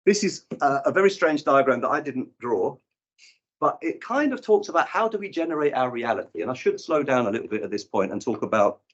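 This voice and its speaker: A man from the UK leads a conference session as a youth work trainer. He tells stories with animation and acts out the dialogue, and his pitch swings widely. His husky voice comes through a dull, lo-fi recording. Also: animated, fairly quick. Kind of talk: conference talk with anecdotes.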